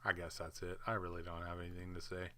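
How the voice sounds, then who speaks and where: A man's voice: low-pitched, monotone, fast talker, sharp tone. A man casually talking his viewers through crypto market charts in a chatty, hyped, offhand way. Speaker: crypto market video host. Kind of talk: casual screen-share commentary.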